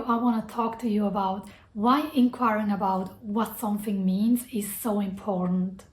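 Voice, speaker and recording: A woman's voice: fairly high pitch, darkish tone. A woman talking earnestly and reflectively to camera about personal growth, using a lot of casual "like" fillers. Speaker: self-development vlogger. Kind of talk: personal advice talk to camera. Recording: echoey room.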